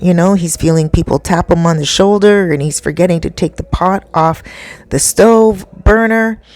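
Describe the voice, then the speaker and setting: A woman telling a spooky story in a chatty, animated way with many asides to the listener. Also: fairly low pitch, dry recording.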